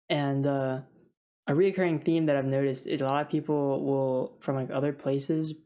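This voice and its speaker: Low-voiced young woman ranting casually. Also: warm tone. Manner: rambling, filler-heavy, laughing. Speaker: food service worker. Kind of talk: casual vlog rant.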